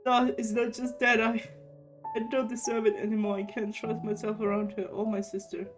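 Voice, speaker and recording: A woman voicing a guilt-ridden young man in a narrative game, speaking in a low, quiet, halting way over game music. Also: flat delivery, natural voice. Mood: ashamed.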